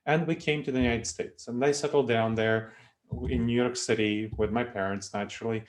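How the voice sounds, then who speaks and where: A man's voice: mid-range voice, brisk. Moldovan-accented man presenting a webinar. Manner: lively, self-deprecating lecturing with frequent restarts. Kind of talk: online presentation. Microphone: video call.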